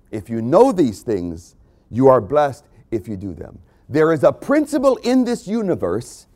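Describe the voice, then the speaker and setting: Animated preaching man with swinging dynamics. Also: on the high side. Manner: dramatic swings between loud emphasis and hushed drops; repeats key phrases for emphasis. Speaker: pastor. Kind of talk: sermon.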